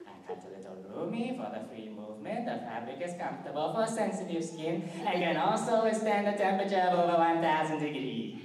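A young man voicing a small, bossy, imperious female fashion designer, clipped and brisk, heard from far off in an echoey hall with a crowd. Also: a little high, animated, a little mellow, lightly acted.

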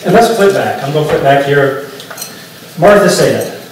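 Preacher in a very echoey church. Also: male voice, on the high side, expressive, moderate pace, far from the mic, a little hiss or hum. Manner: explanatory, conversational preaching with restarts. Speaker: pastor. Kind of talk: sermon. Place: church sanctuary.

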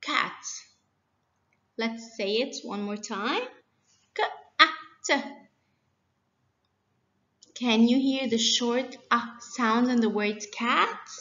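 A woman teacher giving a children's phonics lesson, slowly and patiently spelling words out letter by letter. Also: on the high side, a bit bright. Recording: dull, lo-fi and echoey.

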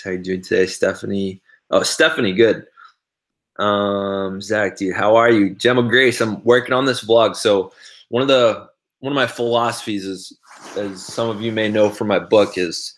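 A man casually talking through his video editing on a livestream, rambling and reading viewers' chat comments aloud. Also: low-pitched.

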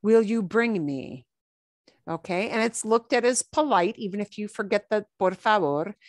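A woman teaching a Spanish class, explaining phrases slowly and checking in with the class. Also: mid-range voice, lively intonation, no echo, studio quality. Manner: explains words slowly, with checks like "okay?" and "right?". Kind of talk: classroom explanation over a played lesson video.

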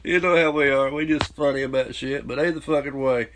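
A man's voice: mid-range voice, steady tone, a little fast, a bit bright, slight background noise, poor audio. A man with a Southern US accent telling a crude, boastful story, swearing constantly and breaking into laughter. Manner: profane, boastful, laughs often. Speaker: channel host telling a story.

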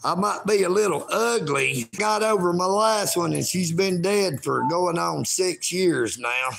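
Very high-pitched gravelly man in his fifties. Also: a little hiss or hum. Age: 50s. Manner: slow, drawn-out, breaks into shouting; smoking while talking. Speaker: livestream host. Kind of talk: rambling live-stream talk.

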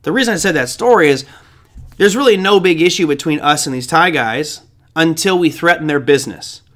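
A man's voice: a little high, animated, fairly quick, a bit bright. A man hosting a trading show, giving casual market commentary in a rambling, conversational way with side stories.

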